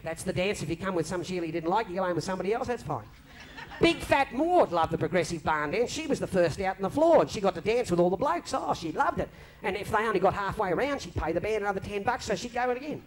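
An Australian man telling a long comic story on stage, lively and broad, slipping into mimicked voices. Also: sits high, fast talker. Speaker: comedian telling stories on stage. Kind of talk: live stand-up storytelling. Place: club stage before a live audience. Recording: faint crowd ambience from a live venue.

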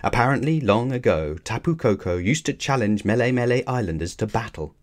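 A man voicing a knowledgeable schoolgirl in a storybook read-aloud, raising his pitch. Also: expressive, a little fast, lightly acted. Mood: informative.

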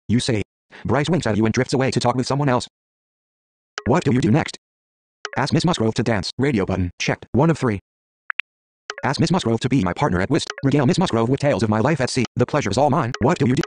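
A man reads the text of an interactive story game aloud at a brisk clip. His voice sits at an ordinary middle pitch, and he trips over words and restarts as he goes. Faint noise hums behind him. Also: expressive. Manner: reads quickly, stumbling and restarting, muttering menu words.

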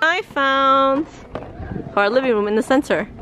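A woman's voice: sits high, a little slow, noisy background. A woman vlogging while shopping in a store, chatty and giggly, teasing her partner. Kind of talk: casual vlog chat.

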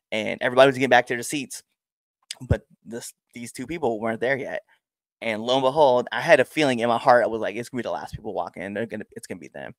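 A young man, a pro wrestler, telling stories casually and acting out crowd exchanges. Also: no echo. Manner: animated storyteller, acts out crowd exchanges with big pitch jumps. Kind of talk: casual storytelling interview.

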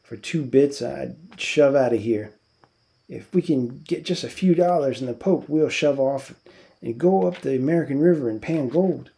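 A man's voice: mid-range voice, moderate pace, gravelly, mellow, natural voice, rough recording. A man voicing a tough, brusque itinerant ranch worker who talks bluntly, reading a novel aloud. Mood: gruff. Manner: blunt, clipped.

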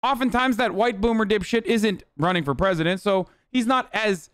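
A man's voice: sits high, normal speed, a bit bright, clear, resonant tone, no echo, studio quality. A young man streaming, reacting to a rally video in a heated, profane casual rant.

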